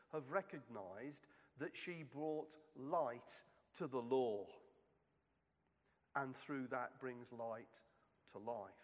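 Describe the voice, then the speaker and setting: Slow, measured male preacher with reverb. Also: medium pitch. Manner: slow, measured reading with long pauses. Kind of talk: sermon reflection.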